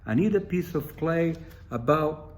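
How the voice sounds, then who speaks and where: A man voicing a tiny, kind and determined old grandmother spider with a small squeaky voice in a told story. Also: animated, measured pace. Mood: firm.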